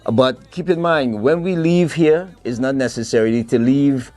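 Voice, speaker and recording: A man's voice: medium pitch, moderate pace, a little mellow. A man in his fifties from Trinidad with a Trinidadian accent touched by an American twang, chatting as a soca artist guest in an upbeat, boastful way. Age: 50s. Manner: upbeat and boastful, laughs easily. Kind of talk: casual interview chat.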